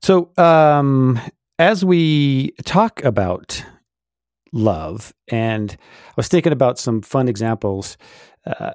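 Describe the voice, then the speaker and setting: A man's voice: mid-range voice, slow pace, a little mellow, no echo, studio quality. A middle-aged man co-hosting a casual faith podcast, explaining at length with many fillers. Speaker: podcast co-host.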